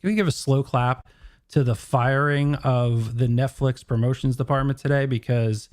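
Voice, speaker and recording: A man on a streamed podcast giving his opinions in an even middle voice. He talks loosely, with many "like"s and restarts. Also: medium pitch, moderate pace. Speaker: co-host. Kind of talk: casual podcast chat.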